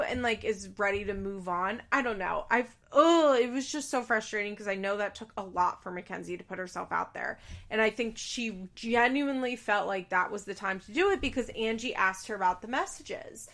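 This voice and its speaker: A woman's voice: medium pitch, animated, moderate pace, fairly bright tone. Young woman, mid-range voice, for a casual opinionated recap: blunt, exasperated, swears freely. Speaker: reality TV recapper.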